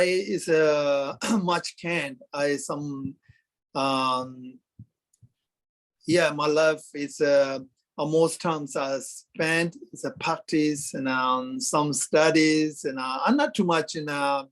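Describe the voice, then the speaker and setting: A Tibetan man in his fifties, a Buddhist lama, tells his story in hesitant broken English with many pauses and fillers. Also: fairly high pitch. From Kham, Tibet. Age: 50s. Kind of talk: halting interview storytelling.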